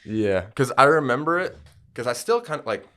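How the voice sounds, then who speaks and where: A man's voice: medium pitch, sing-song, brisk, bright, forceful tone, smooth. A young man, a podcast host, telling a personal story in loose, profane casual chat.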